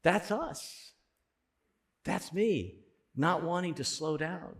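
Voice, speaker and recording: A man's voice: a little high, lively intonation, takes it slowly. Man preaching with rising emphasis. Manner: conversational preaching, swells loud on key points. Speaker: pastor. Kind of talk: sermon.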